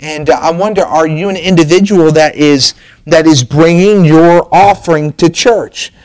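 A middle-aged man preaches from the pulpit in a folksy, storytelling way, slipping in fillers and restarting his sentences. His voice sits a bit on the high side. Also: moderate pace, darkish tone, poor audio. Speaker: pastor. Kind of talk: sermon.

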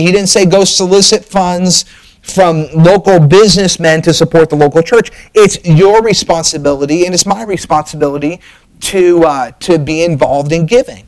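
A man's voice: fairly high pitch, darkish tone, poor audio. A middle-aged man preaching a sermon as pastor, folksy and storytelling, with frequent fillers and restarts.

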